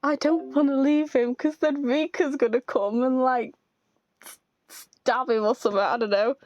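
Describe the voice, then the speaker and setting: A woman's voice: high voice, fairly even intonation, normal speed, a little mellow, no echo, highs cut off. A young woman giving giggly, joking commentary while playing a story game on a close mic. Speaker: gamer. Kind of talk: let's play commentary.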